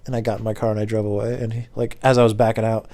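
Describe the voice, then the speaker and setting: A young man telling rambling stories to camera in a deadpan, casual way. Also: lowish voice, very fast. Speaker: former pizza delivery driver telling stories.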